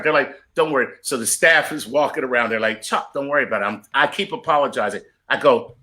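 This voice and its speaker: A man's voice: mid-range voice, brisk, few pauses. A man, a comedian, telling a profane story in casual chat, acting out the other people in it. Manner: animated, profane storyteller doing voices. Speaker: comedian guest.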